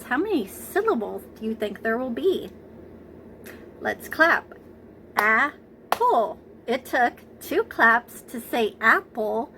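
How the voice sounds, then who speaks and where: Gentle, slow-talking preschool teacher woman. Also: on the high side, a little hiss or hum, poor audio. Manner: gentle, encouraging, drawn-out words for clapping. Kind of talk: slow, sing-song lesson for young children.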